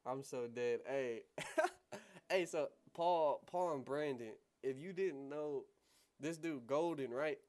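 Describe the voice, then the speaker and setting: A man's voice: mid-range voice, slow, darkish tone. Laid-back slangy young man. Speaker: livestream trading host. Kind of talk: casual livestream commentary.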